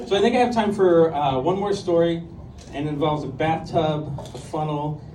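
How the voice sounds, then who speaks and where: This stand-up comedian, a man in his fifties, has a voice on the high side and speaks at a normal speed. He performs a conversational, self-mocking routine peppered with ums and likes before a club audience, captured from afar in an echoey room. The recording is very noisy, with laughter and room ambience behind him.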